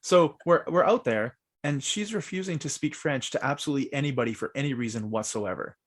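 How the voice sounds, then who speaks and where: A man hosting a podcast, telling stories in a loose, animated way and swearing a lot. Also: medium pitch, a little fast. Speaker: podcast host. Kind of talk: casual chat.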